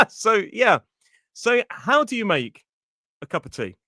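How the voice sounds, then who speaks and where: British male podcast host, bright animated teacher voice, dry close mic. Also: sits high, no room sound. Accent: British English. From Britain. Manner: explains words slowly for learners, friendly. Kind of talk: casual podcast chat teaching vocabulary.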